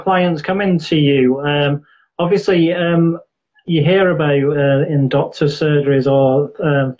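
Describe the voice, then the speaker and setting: A man's voice: fairly high pitch, a little mellow, dull audio. A man interviewing a therapist, asking long questions with many hesitant fillers. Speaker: interviewer, host.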